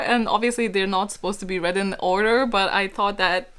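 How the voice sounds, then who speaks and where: A woman hosting a book vlog in casual chat, excitable and gushing, laughing often as she talks. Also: mid-range voice, moderate pace, few pauses, clean tone. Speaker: book vlogger host.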